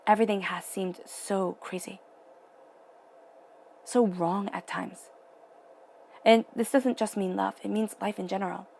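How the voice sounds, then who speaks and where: A woman's voice: mid-range voice, fairly even intonation, unhurried, gravelly, pauses often, darkish tone, slight background noise. A young adult woman giving an emotional, earnest tarot reading, sometimes dropping to a near-whisper. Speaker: tarot reader.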